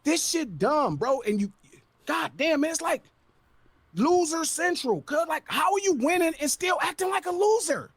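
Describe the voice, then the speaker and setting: A man's voice: extremely high pitch, very animated, normal speed, fairly bright tone, dry recording. A man on a podcast, ranting with profanity and exasperation. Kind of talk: heated podcast rant.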